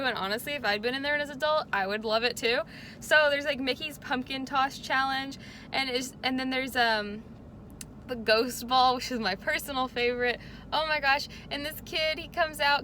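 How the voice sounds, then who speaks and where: A woman's voice: high voice, pushed and bright, slight background noise. A young woman chatting casually to camera in a vlog, bubbly and gushing, with lots of fillers. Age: young adult. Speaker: vlogger.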